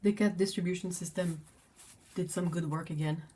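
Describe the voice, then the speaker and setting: A woman's voice: lowish voice, steady tone, normal speed, warm tone, breathy edge. A woman hosting a casual livestream, chatting in a rambling way with lots of fillers. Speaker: livestream host.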